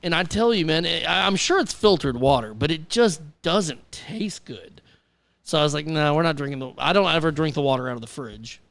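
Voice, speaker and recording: A man's voice: fairly high pitch, animated, brisk, creaky, a bit bright, no echo. A man co-hosting a casual talk show, joking around and chiming in with reactions. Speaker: radio show co-host. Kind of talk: casual chat.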